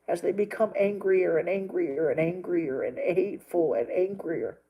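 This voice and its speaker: A man's voice: high voice, moderate pace, hardly any pauses, mellow, slightly rough, poor audio. A man talking straight to his viewers while crying, pleading and repeating himself, with plenty of swearing. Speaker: livestreamer. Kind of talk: emotional monologue to viewers.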